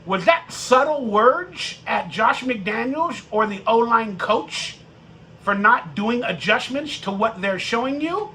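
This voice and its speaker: A man's voice: very high-pitched, expressive, slow pace, a little hiss or hum. Ranting, profane male sports streamer. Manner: profane, ranting, mocking, with bursts of shouting. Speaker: sports podcast host. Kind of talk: live-stream fan rant.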